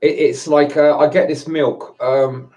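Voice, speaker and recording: A man's voice: on the high side, fairly even intonation, slow, a little mellow, dull audio. A man chatting casually to a live stream from home, rambling and hesitant with frequent chuckles. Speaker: vlogger. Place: indoors at home. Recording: voice distant from the mic.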